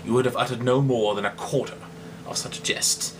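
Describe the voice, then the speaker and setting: A man's voice: medium pitch, steady tone, a little fast, recorded from a distance, background noise, natural voice. A man reading aloud as a proud, mocking swordsman-poet, delivering a theatrical monologue in an amateur dramatic reading.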